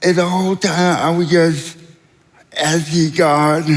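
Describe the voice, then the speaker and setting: A young man as an interview guest, talking slowly and haltingly with long pauses. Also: a little high, flat delivery. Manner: slow, halting delivery with many pauses. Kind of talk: onstage interview. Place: large church auditorium. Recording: reverberant hall.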